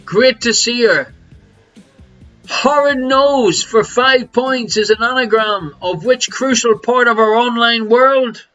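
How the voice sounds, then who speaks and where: A man's voice: extremely high pitch, takes it slowly, pushed and bright, dull audio, soft background music. A man with an Irish accent hosting a live online quiz, jokey and teasing, laughing between questions. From Ireland. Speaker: quiz host.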